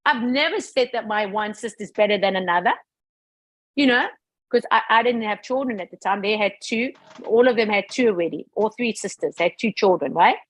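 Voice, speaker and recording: Woman guest, husky mid-pitched voice, lively storyteller, dry close sound. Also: a little fast, no room sound, rough recording. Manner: animated, acts out quoted dialogue. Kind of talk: casual storytelling chat.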